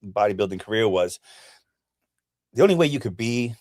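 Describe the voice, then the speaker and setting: A man's voice: lowish voice, animated, normal speed, darkish tone, no echo. A man from Puerto Rico, a bodybuilder and podcast guest, telling his story earnestly with hesitant "uh" and "um". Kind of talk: interview storytelling.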